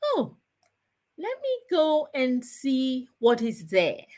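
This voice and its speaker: A woman voicing an eager, greedy rich young man in a folk tale, speaking in a high, excited, wondering way. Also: slow, exaggerated voice. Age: young adult.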